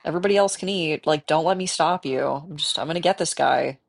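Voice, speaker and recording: A woman's voice: low voice, fast, gravelly. A woman from the Midwest with a cold, chatting casually and rambling while she plays a game, talking to the animals on screen. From American Midwest. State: has a cold. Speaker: gaming streamer. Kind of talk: casual gameplay chat.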